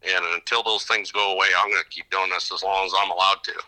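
A middle-aged fishing guide from the upper Midwest of the United States talks casually as a guest on an interview podcast, rambling through stories with many false starts and restarts. His voice is on the low side but has a sharp, very bright edge, with fairly even intonation and a quick pace. The recording is rough.

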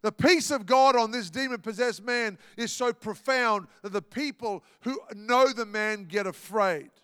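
A man preaching a sermon, animated and dramatic. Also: high-pitched, unhurried, smooth, dry recording, clean studio sound, long reverb tail. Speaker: pastor.

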